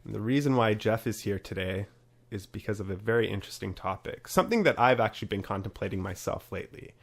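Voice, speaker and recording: A man's voice: fairly low pitch, expressive, fast talker, gravelly. A man hosting a casual podcast, chatty and upbeat as he runs through promos and talks with his guest. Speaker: podcast host.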